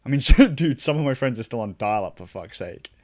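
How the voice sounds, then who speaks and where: A man's voice: mid-range voice, animated, fairly quick, darkish tone. A young man chatting casually with his stream viewers, rambling, swearing a lot and laughing often. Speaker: gaming streamer.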